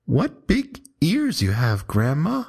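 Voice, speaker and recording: A man voicing a cheeky little girl in a red hood, raising his voice high and sweet for a comic poem reading. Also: huge pitch swings, gravelly, darkish tone, husky, heavily acted. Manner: high and sweet, slow and sing-song.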